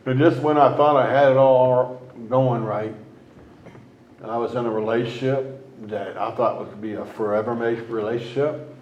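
A man sharing his personal recovery story at a meeting, rambling and halting, with many restarts and fillers. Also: medium pitch, a little mellow, reverberant, lo-fi sound, slight background noise. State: emotional at times. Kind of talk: personal testimony.

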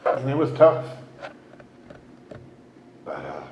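A man's voice: medium pitch, big pitch swings, roomy sound, highs cut off, heavy background noise. Man sharing his recovery story, rambling. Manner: rambling, halting, with many restarts and fillers. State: emotional at times. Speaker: recovery meeting speaker. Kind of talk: personal testimony.

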